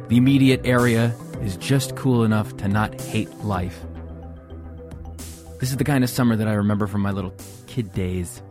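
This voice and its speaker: A man's voice: lowish voice, normal speed, music in the background. A man from Central California hosting his own podcast, talking at home in a wry, self-deprecating, rambling way. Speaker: podcast host. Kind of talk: casual solo podcast monologue.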